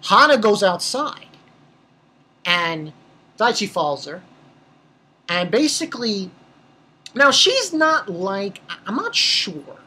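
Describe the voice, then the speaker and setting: A woman with a husky, somewhat breathy voice talks through an anime episode in a loose, unscripted recap. She rambles, swears freely and often trips over her own sentences before pressing on. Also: medium pitch, bright, forceful tone. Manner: rambling and profane, with many restarts. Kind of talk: casual spoken episode recap.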